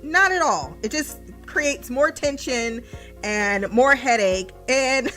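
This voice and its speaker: A woman's voice: high voice, lively intonation, slow pace, fairly bright tone, faint music behind. A young woman recapping a TV episode in casual podcast chat, laughing often, swearing and mimicking the characters.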